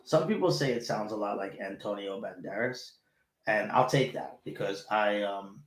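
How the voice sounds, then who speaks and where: Animated, cursing male chat host. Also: fairly low pitch, moderate pace. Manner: animated, swearing, rambling. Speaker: show host. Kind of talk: casual solo chat show. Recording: roomy echo.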